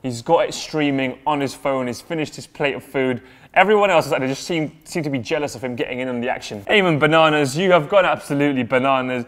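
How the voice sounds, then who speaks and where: A man's voice: medium pitch, quick pace, a bit bright, big-room sound. A young man co-hosting a casual chat, bantering and joking as he reads out viewer posts. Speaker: co-host.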